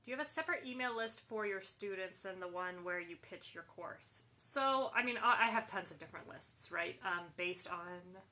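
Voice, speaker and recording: A woman's voice: medium pitch, lively intonation, normal speed, hardly any pauses, sharp tone. A woman hosting a casual live Q&A, reading viewer questions aloud and answering them with plenty of fillers. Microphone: phone livestream.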